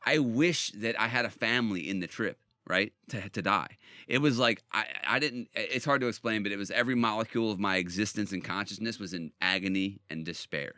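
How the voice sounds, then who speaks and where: A man's voice: fairly low pitch, fairly quick, bright, forceful tone, dry recording, studio quality. A man hosting a podcast, telling a personal story in an emphatic, intense way and often checking in with "right?". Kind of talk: casual podcast conversation. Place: podcast studio.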